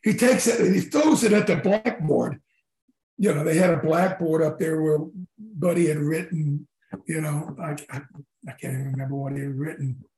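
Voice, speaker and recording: A man in his sixties, a former football player telling stories in a casual interview, animated, swearing and acting out his teammates' lines. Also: on the high side, moderate pace, echoey room, rough recording. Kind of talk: storytelling in casual conversation.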